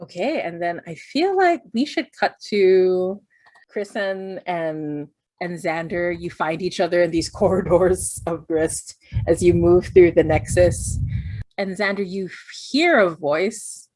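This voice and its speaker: A woman's voice: on the low side, slow pace, darkish tone, no room sound. A woman running a tabletop role-playing game as game master, describing scenes and thinking aloud with many fillers.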